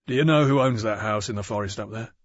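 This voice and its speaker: Man reading as a calm, direct police detective. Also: lowish voice, fast talker, no echo, muffled recording, lightly acted. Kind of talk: audiobook character voice.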